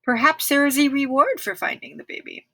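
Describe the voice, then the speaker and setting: A woman's voice: high-pitched, animated, brisk, vocal fry, bright, forceful tone, dry recording, pitched above the performer's own voice, exaggerated voice. A woman reading aloud, voicing an inquisitive, scheming twin boy. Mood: curious.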